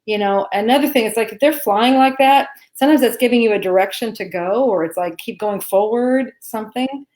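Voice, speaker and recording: A woman's voice: a little high, brisk, darkish tone. Woman, from Arkansas, live Q&A co-host, reassuring, laughs often. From Arkansas, USA. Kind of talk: live Q&A chat. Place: home.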